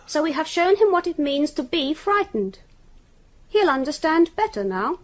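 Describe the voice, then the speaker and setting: A woman voicing a cold, superior, unnerving child in a radio drama, speaking in flat, clipped, condescending tones. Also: high-pitched, normal speed, slight background noise. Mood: icy.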